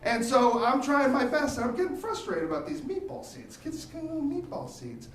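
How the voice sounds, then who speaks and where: A young man performing an animated stand-up comedy set on a theater stage, jumping into high squeaky voices for the people he quotes. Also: brisk, few pauses, a little hiss or hum. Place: theater stage, live audience. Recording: echoey theater from far off.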